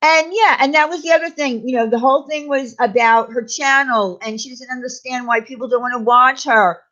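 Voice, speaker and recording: A high-pitched woman vents her anger on her own channel, throwing out sarcastic questions and repeating names with indignation. The sound is muffled and lo-fi. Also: a little fast, sharp tone. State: angry. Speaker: YouTube commentary host. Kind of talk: angry ranting commentary.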